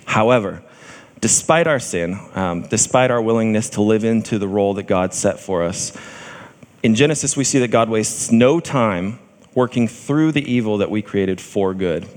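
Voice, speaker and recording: A man's voice: on the low side, animated, normal speed. A man preaching a sermon as a pastor, conversational and joking, with frequent ums. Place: church sanctuary. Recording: long hall reverb.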